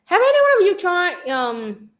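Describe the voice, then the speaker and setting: A woman from Central Vietnam with a Vietnamese accent, hosting a casual livestream chat, bubbly and quick to laugh. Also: extremely high pitch, wildly swooping pitch, fairly bright tone. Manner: bubbly, laughs often, reads donation questions. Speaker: livestream host.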